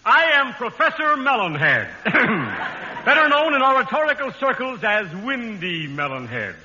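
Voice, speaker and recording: A man's voice: very high voice, very animated, unhurried, lo-fi sound, noisy background, heavily acted. An actor playing a pompous, long-winded male professor of public speaking in an old radio comedy, broadcast from a hall.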